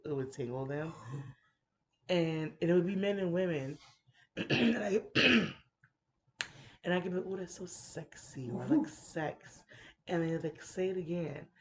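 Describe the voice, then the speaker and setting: A woman hosting a casual chat, playful and giggly, who sometimes drops into soft whispers. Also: low-pitched, a little hiss or hum. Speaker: podcast host.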